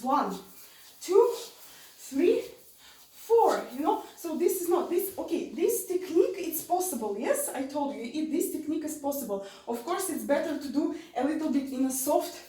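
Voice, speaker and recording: A woman's voice: high voice, warm tone. A woman teaching an online dance lesson, counting beats aloud and repeating her cues. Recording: roomy sound from far off.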